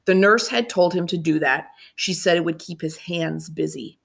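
A woman reads a children's chapter book aloud with steady, clear narration. Her voice sits on the low side with a gravelly fry. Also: moderate pace. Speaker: reader.

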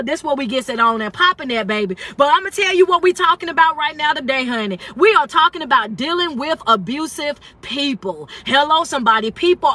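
A woman, hosting a live-stream motivational talk on her phone, lively and affectionate, calling listeners baby and honey. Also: high voice. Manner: lively, calls the audience baby and honey, laughs often. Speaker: motivational speaker.

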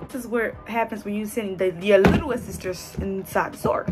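A young woman, talking casually and excitedly to her viewers in a hair vlog. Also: mid-range voice, normal speed, loud music behind the voice. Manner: animated, exclaiming, talks straight to viewers. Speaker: hair vlogger.

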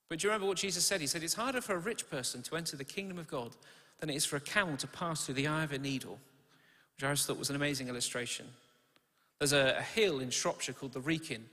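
A man delivering a sermon in a church hall, with a fairly high, forceful and bright voice. He keeps it conversational, asking rhetorical questions and restarting phrases mid-thought. The sound rings with long reverb from the hall. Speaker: preacher.

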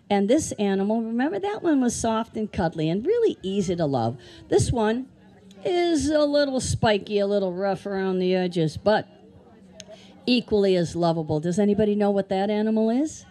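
A woman's voice: mid-range voice, expressive, moderate pace, warm tone. A woman presenting animals at a live children's show, chatty and playful, asking the kids lots of questions. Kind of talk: live educational talk to kids. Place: outdoor amphitheater.

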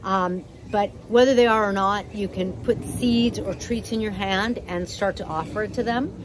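A woman hosting a parrot channel who gives casual advice at home in a gentle, relaxed, chatty way. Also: mid-range voice, normal speed, noisy background. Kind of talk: casual instructional talk.

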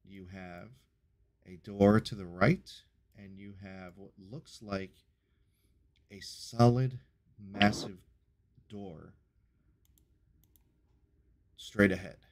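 A man's voice: lowish voice, fairly even intonation, extremely slow, pauses often. A man running a tabletop game as game master, describing rooms and doors with a few hesitations. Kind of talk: narrating a tabletop game on a live stream.

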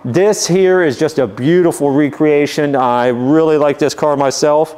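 Male dealer host, steady unhurried walkaround patter, clear smooth tone, slightly high pitch. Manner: easygoing, methodical, many "um" and "uh" fillers. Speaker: car dealer walkaround presenter. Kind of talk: casual vehicle walkaround narration.

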